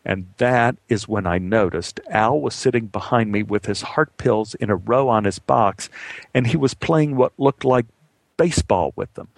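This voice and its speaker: Male storyteller, vivid dramatic telling, gravelly voice, dry close sound. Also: fairly low pitch, normal speed, dry recording. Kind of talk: spoken personal storytelling.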